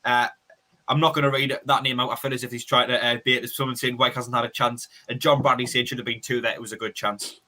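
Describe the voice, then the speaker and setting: A young man co-hosting a fan stream, chatty and quick, reading out viewer messages and giving match opinions. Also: mid-range voice, little pitch movement, pushed and bright. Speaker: co-host reading the live chat. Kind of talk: casual fan-stream chat.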